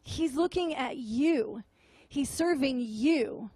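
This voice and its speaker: A woman preacher with a high voice shares a tender testimony in a slow, halting way. She often trails off and repeats her words as if close to tears. Her voice sounds close and dry. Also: warm tone, dry recording. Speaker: prophetic minister. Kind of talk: emotional sermon testimony. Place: meeting room with audience.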